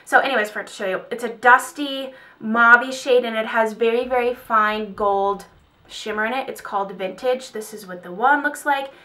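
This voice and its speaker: A young woman chatting casually as a beauty vlogger, gushing and telling stories in an animated way at her vanity. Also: fairly high pitch, normal speed. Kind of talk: casual chat. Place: home vanity area.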